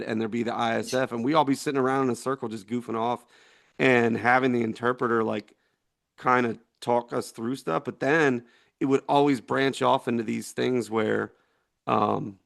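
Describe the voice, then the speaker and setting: A man's voice: mid-range voice, vocal fry, fairly bright tone, no echo, clean studio sound. A man in his forties, a veteran being interviewed, telling a story in a rambling, laughing way with many fillers. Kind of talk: casual storytelling.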